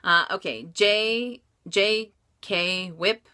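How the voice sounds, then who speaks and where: A woman's voice: medium pitch, extremely slow, sharp tone, clear, resonant tone. A woman vlogger answering viewer questions about luxury bags in frank, chatty talk with frequent laughs and fillers. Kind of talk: casual Q&A vlog chat.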